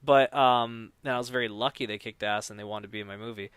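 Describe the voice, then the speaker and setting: A man's voice: fairly low pitch, steady tone, quick pace, clean tone, dry recording. A man talking casually on a podcast about making no-budget films, rambling with many restarts and acting out quoted dialogue. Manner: acts out quoted dialogue loudly. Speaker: podcast guest, no-budget filmmaker.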